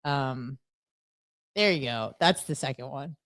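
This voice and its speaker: A woman co-hosting a radio show, telling stories in an animated, profane way and laughing often. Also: rumbling low, a little slow, no room sound, clean studio sound. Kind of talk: casual radio chat. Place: radio studio.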